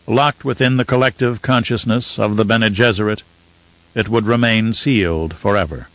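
Male audiobook narrator, mid-pitched, measured delivery, dry muffled recording. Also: fairly bright tone, no echo. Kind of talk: scripted narration.

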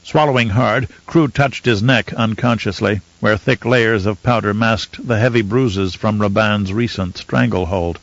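Measured male audiobook narrator, dry sound. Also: on the low side, creaky, no room sound. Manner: measured, storytelling. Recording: slightly muffled dry recording.

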